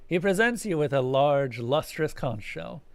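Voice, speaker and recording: A man's voice: on the high side, expressive, measured pace, no room sound. Man reading game text aloud. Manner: narrates descriptively, then casual asides. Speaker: streamer.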